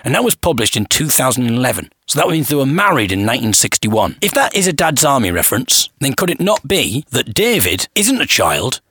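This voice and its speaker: Give me an inquisitive man narrating a documentary-style investigation, with a lively, husky voice. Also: mid-range voice, a little fast, few pauses, dry recording, studio quality. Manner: inquisitive, musing aloud. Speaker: podcast host and investigator. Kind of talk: first-person documentary narration.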